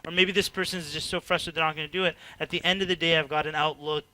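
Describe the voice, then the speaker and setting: A man giving an informal teaching talk to a group, animated and chatty, acting out little dialogues and laughing between filler-heavy sentences. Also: fairly high pitch, racing. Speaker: workshop speaker.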